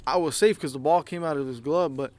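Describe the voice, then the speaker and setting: A young man co-hosting a podcast, telling animated, profanity-filled stories and acting out what people said. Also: a little high, fast, dry recording. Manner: animated storytelling, heavy swearing, acts out quotes. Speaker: podcast co-host. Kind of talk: casual chat.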